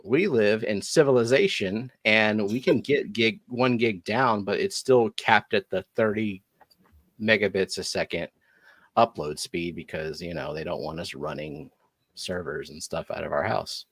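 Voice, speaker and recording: A man's voice: lowish voice, unhurried, no echo. A man hosting a casual live stream chat, talking in a dry, wry, complaining way. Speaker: livestream host.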